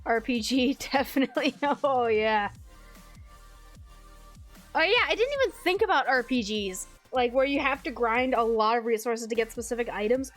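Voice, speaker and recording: A young woman streamer chatting casually with her viewers, rambling, swearing freely and filling pauses with likes and ums. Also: a little high, expressive, faint music behind. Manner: rambling, swears casually, frequent fillers and laughs.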